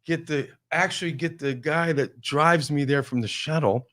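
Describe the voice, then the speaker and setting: A man's voice: on the high side, normal speed, fairly bright tone. Man telling an exasperated comic story. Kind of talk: casual storytelling on a talk show.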